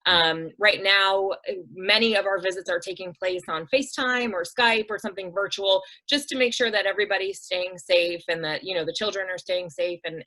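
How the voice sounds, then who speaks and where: A woman's voice: on the low side, sharp tone, poor audio. A woman guest on an interview show, telling heartfelt stories in an earnest, conversational way with frequent "um" and "like". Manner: earnest, acts out quoted voices, many "um" and "like". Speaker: interview guest, nonprofit director. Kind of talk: conversational storytelling.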